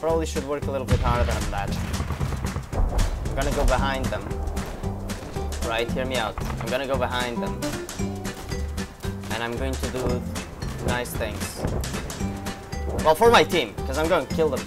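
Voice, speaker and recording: A man's voice: mid-range voice, moderate pace, pauses often. A young man giving casual gameplay commentary, frustrated and sarcastic, swearing often. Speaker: gaming video creator. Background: game music and gunfire.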